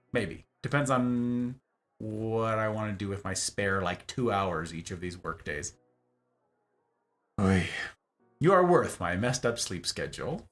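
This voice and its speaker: A man streaming a game, chatting casually and gratefully to his viewers, his voice worn and hoarse from talking, rambling and playing with words. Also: lowish voice, a bit bright. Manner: rambling, playful wordplay, grateful. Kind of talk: casual end-of-stream chat.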